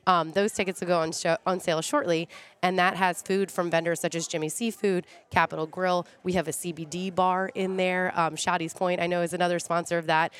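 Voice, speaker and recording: A woman guest on a radio talk show in a restaurant, promoting a charity event in a brisk, upbeat way. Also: on the low side, level tone, smooth. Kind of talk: casual interview chat.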